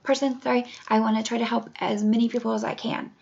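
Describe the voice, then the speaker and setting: A woman's voice: fairly high pitch, level tone, quick pace, vocal fry, darkish tone, breathy edge. A woman in her forties telling her own story as a patient advocate, earnest and emotional, close to tears. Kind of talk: personal testimony to camera. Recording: dull lo-fi home recording.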